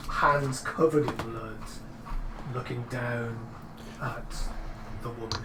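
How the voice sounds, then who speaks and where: Calm man game master, echoey room. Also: mid-range voice, takes it slowly, background noise. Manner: calm, brief acknowledgements. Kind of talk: narrating a tabletop game. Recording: echoey room with background music. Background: background music.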